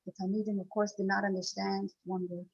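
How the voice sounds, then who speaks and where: A woman giving an earnest inspirational talk to a women's gathering, telling a story and swelling and dropping in loudness. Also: medium pitch, flat delivery, fairly quick, creaky. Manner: earnest, rising and falling in loudness. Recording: dull lo-fi recording.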